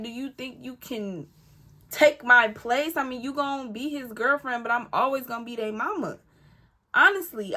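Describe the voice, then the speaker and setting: A woman vlogger telling a personal story to camera in an animated, emphatic, candid way, often talking straight to her listeners. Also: high voice. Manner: candid and profane, talks back to her rival.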